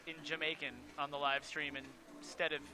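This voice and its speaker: A man's voice: fairly high pitch, level tone, moderate pace. A man from Canada, a route setter, giving chatty, easygoing expert analysis as co-commentator on a live climbing broadcast.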